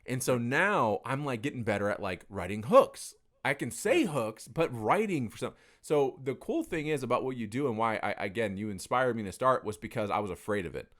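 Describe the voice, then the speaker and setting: A man talks in a loose, casual conversation, and his pitch swings widely as he tells a story. He fills his talk with fillers and swears freely. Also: lively intonation, a little fast, hardly any pauses, fairly bright tone.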